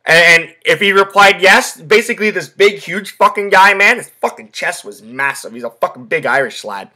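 On a laid-back sports podcast, a young male host spins meandering stories loaded with swearing and filler words. His bright, forceful voice runs slightly high for a man, with animated intonation and a moderate pace.

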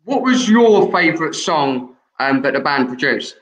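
A young man hosting a live show, asking interview questions in a measured, friendly way. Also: a little high, big pitch swings, a bit bright, echoey room, rough recording. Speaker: host.

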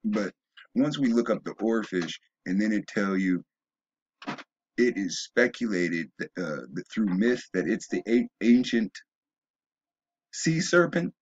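A man's voice: lowish voice, unhurried, darkish tone, slightly rough, muffled recording. A man delivering a rambling opinion monologue, often stumbling and restarting, then rising into emphatic bursts. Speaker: video blogger.

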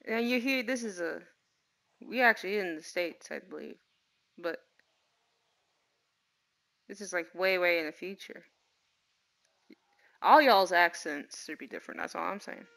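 A woman casually commenting on a game she plays, chatty and animated with lots of slang. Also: lowish voice, a little slow, vocal fry, long pauses. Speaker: gaming streamer. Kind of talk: casual let's-play commentary.

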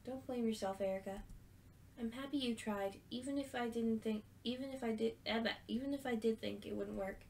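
A woman reading aloud the lines of a hurt but gentle young woman from a story game, in an earnest voice. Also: fairly high pitch, a little fast, gravelly, a little hiss or hum.

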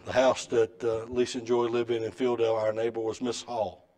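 A middle-aged man preaching a sermon in a church, with a folksy storytelling way that swings between loud and soft. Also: mid-range voice, monotone, brisk. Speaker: pastor. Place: church sanctuary.

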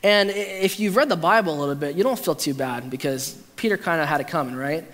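A man's voice: fairly high pitch, quick pace, fairly bright tone. A male pastor preaching a conversational, humorous sermon, acting out quotes with restarts. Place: church sanctuary. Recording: hall reverb.

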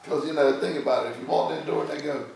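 A middle-aged man giving joking marriage advice as a wedding guest, telling stories with a drawn-out, jokey manner. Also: fairly high pitch, vocal fry, a little mellow. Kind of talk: joking storytelling. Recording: echoey room, distant mic, noisy.

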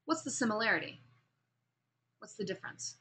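A woman teaching a speech class, lecturing on delivery, showing how pitch and emphasis change, and calling on students with questions. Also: lively intonation, brisk, sharp tone. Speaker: speech instructor.

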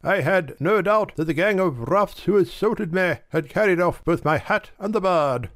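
A man voicing a shabby, learned middle-aged gentleman down on his luck, in a dramatic audiobook reading, speaking carefully and apologetically. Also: high-pitched, animated, moderate pace, pitched above the performer's own voice. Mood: rueful.

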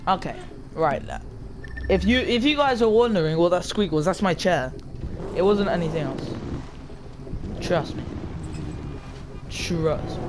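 A man's voice: sits high, animated, unhurried, long pauses, heavy background noise. A young man giving casual, rambling gameplay commentary from his chair at home, full of slang and asides to his viewers. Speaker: gaming video creator. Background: loud game music.

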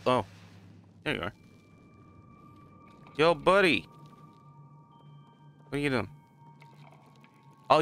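A man's voice: fairly high pitch, fairly bright tone. A man casually commenting on a game as he plays, rambling and chuckling at himself. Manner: rambling, self-mocking, laughs often. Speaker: gaming channel host. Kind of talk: casual let's play commentary.

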